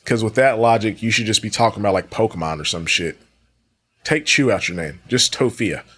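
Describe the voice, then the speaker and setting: A commentary host with a lowish, husky, fairly bright voice talks fairly quickly in a reaction video. Sarcastic and exasperated, he swears freely while pushing back on a streamer's clips.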